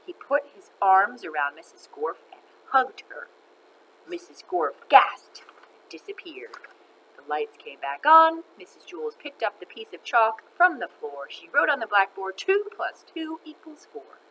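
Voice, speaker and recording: Expressive woman reading a children's book aloud, bright voice. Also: mid-range voice, unhurried, a little hiss or hum, rough recording. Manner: expressive, animated, laughs between lines. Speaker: storyteller.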